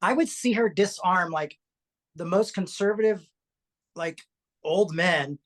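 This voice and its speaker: A co-host in casual podcast chat, animated and chatty, laughing easily. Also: medium pitch, a little slow.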